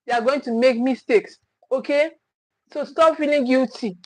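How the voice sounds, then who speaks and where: A high-pitched woman coaches parents in an earnest livestream talk. She repeats key phrases for emphasis and slips into the voices of scolding parents. The sound is dry and close, with no room echo. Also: normal speed.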